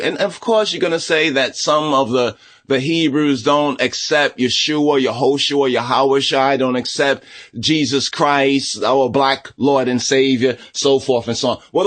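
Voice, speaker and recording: A man's voice: medium pitch, fairly bright tone. A man giving a heated commentary vlog on religion, combative and repetitive, with frequent tag questions.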